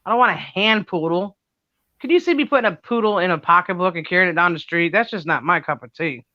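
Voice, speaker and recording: A middle-aged woman with a loud, brash voice, chatting casually on a livestream, laughing and cussing freely. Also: lowish voice, lively intonation, fast, no echo, muffled recording. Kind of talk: casual chat.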